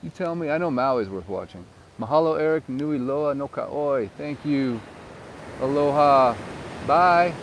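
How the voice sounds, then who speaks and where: A man's voice: a little slow, a little hiss or hum. Playful laid-back man in his forties. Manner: laid-back and playful, bursting into high squeals of excitement. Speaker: real estate agent and vlogger. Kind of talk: live-stream vlog chatting with viewers. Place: outdoors on the island, riding a golf cart near the surf.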